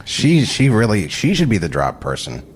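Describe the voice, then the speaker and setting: Low-voiced animated man cracking jokes. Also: moderate pace, breathy edge. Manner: animated, teasing, laughs often. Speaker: podcast co-host. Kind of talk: casual comedic table read banter.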